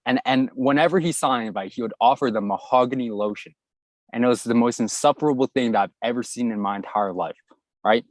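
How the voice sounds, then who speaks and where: A young man in his twenties telling a school story in a casual, animated way, playing out the voices of the people in it. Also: medium pitch, fast, dry recording. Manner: animated anecdote telling, acts out quoted voices. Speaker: guest YouTuber.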